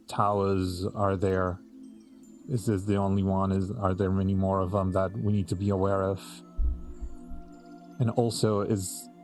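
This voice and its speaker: A low-voiced man at a tabletop game, measured and plain as he narrates his character's actions. Faint music runs in the background. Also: a little mellow. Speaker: player. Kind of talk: tabletop role-play.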